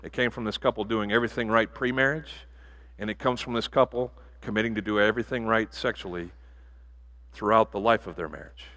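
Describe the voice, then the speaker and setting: A pastor giving a sermon in a church, animated and jokey, with bursts of loud emphasis. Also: male voice, lowish voice, a little fast. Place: church sanctuary.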